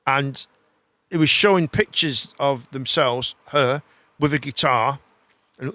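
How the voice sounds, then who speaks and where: A man hosting a live chat show, rambling in a casual, animated way and swearing freely. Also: mid-range voice, takes it slowly, long pauses, dry recording.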